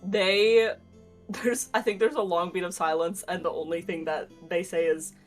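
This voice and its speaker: A woman's voice: fairly low pitch, fairly even intonation, normal speed, faint music behind. A woman player in a casual tabletop role-play, describing in a hesitant, laid-back way.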